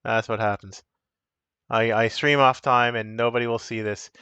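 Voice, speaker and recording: A man's voice: medium pitch, fairly even intonation, moderate pace, bright, forceful tone, clear, resonant tone, no room sound. A man casually chatting on a live stream as he shows and explains the cards of a solo card game, rambling and correcting himself as he goes.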